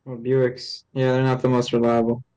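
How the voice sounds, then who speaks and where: Male podcast co-host, flat even voice, hesitant. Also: medium pitch, normal speed, smooth, poor audio. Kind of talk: casual sports podcast chat.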